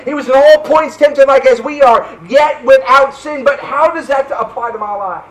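A man's voice: very high-pitched, moderate pace, hardly any pauses, a little hiss or hum, poor audio. A male pastor preaching a fervent sermon, quoting scripture and repeating his points.

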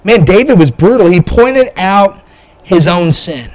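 A man's voice: high-pitched, lively intonation, unhurried, darkish tone, poor audio. A pastor, a man, preaching a sermon with emphatic bursts, frequent restarts and direct appeals to the congregation.

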